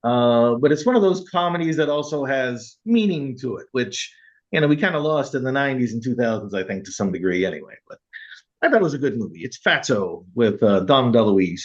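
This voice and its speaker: Lively-voiced man chatting about films. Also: a little fast. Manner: rambling, laughs often, acts out quotes in a high voice. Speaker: podcast co-host. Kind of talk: casual film chat. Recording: dull lo-fi sound.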